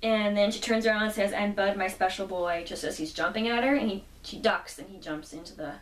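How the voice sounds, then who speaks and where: A woman chatting through a comic book plot and quoting the characters' lines along the way. Her voice sits at an ordinary middle pitch. It comes from some distance off a mic in a roomy, echoing space. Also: quick pace. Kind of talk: casual plot recap.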